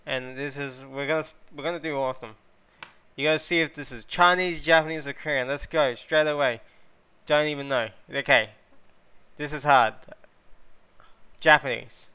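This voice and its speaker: A man hosting his gaming channel, chatting casually as he plays, getting excitable, thinking out loud and swearing freely. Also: medium pitch, unhurried, pauses often, clear, resonant tone. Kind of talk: casual gameplay commentary.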